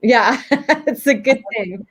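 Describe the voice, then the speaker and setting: A woman's voice: on the high side, takes it slowly, slightly rough. A woman in her forties co-hosting a film festival, friendly and upbeat in casual chat.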